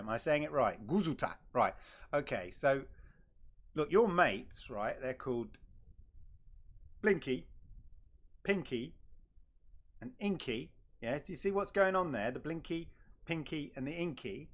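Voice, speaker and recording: A man hosting a casual live stream, talking in a teasing, halting way with frequent fillers and repeats. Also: medium pitch. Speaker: host.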